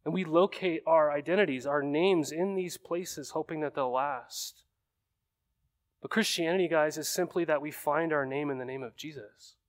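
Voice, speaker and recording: A man's voice: a little high, moderate pace. Man preaching with conversational tags. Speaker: pastor. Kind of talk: sermon.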